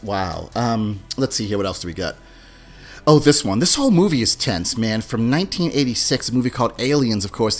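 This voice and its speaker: A man hosting a casual podcast, telling movie scenes in an animated way and imitating beeps and lines. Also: mid-range voice. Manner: animated storyteller, mimics beeping sounds and movie lines. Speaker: podcast host.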